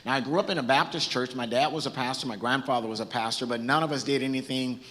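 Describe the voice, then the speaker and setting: A man's voice: medium pitch, fast, fairly bright tone. A bishop from Southern California preaching from a church stage, earnest and conversational, often restarting his sentences. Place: church hall. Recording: hall with long reverb.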